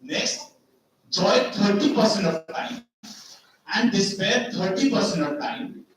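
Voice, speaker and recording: In a very echoey hall, far from the mic, a man gives a seminar lecture with slides. His voice sits high and he speaks slowly with a slight hiss or hum, explaining step by step, repeating key words and posing rhetorical questions.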